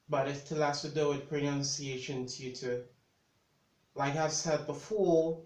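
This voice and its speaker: Slow, deliberate male pronunciation teacher. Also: fairly high pitch. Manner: slow and deliberate, repeats each word several times. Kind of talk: online pronunciation lesson. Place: room with a board. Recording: echoey room.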